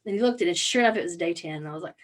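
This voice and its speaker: A woman co-hosting a podcast, telling a story in casual chat, animated, with many fillers and some swearing. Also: fairly low pitch, very fast. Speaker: podcast co-host.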